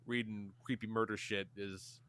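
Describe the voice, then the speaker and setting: A man's voice: fairly low pitch, moderate pace. A man in his thirties co-hosting a podcast, telling stories and acting out the quotes, swearing freely. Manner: animated storyteller, acts out quotes, swears a lot. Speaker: podcast co-host. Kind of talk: casual chat.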